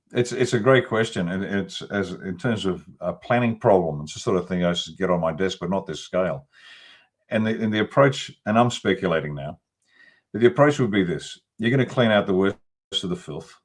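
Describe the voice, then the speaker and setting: A man from Australia, a retired army officer, speaking as an interview guest in a measured, analytical way. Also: low voice. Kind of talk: casual conversational interview.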